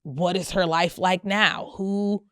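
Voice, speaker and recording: A woman in her thirties hosting a podcast on her own, talking in a candid, emphatic and chatty way with a loud voice, close to the mic. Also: lowish voice, fairly even intonation, slow pace, clear, resonant tone, no echo. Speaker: podcast host. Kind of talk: casual solo podcast talk.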